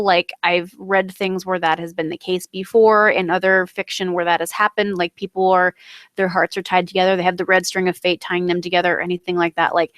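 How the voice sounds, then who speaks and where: A young woman from the United States, recapping a TV episode in a rambling, excitable way full of fillers and self-corrections. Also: on the low side, clean tone, dry recording. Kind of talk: casual chat.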